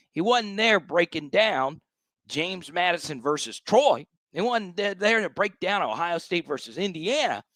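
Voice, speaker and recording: A man's voice: on the high side, fairly bright tone, no echo. A man hosting a sports talk show, ranting with emphatic, exasperated repetition.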